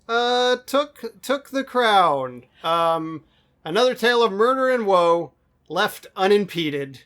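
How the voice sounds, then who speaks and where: A male comedy podcast co-host rambles through his intros, piling adjective on adjective. His voice sits high for a man. He talks slowly and drawls his way along. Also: animated, a bit bright. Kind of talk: casual comedy chat.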